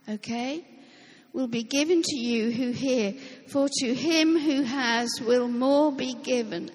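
A woman preacher delivers a sermon in a high voice, leaning on her words slowly and emphatically. She drops in light joking asides between points. Her voice carries a long reverb, as if in a big hall.

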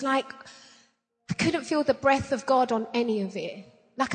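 Earnest high-voiced woman sharing testimony. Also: a bit bright, big-room sound. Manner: earnest, tearful, laughing at herself. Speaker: artist sharing a faith testimony. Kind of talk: personal testimony.

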